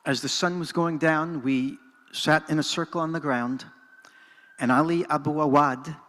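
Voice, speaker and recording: An older man recounts a personal story before an audience, earnest and dramatic, pausing to reflect. His voice sits a little on the high side. The sound rings with the long reverb of a large hall. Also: steady tone, fairly bright tone. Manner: earnest and dramatic, shifting between narration and reflection. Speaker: speaker at a presentation. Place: synagogue hall.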